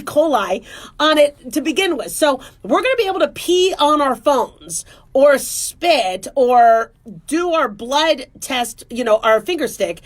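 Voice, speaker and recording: A woman's voice: high-pitched, a bit bright. A woman who is a family medicine doctor, talking casually and playfully about her work. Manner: chatty, playful, jumps into voices. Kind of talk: casual talk monologue.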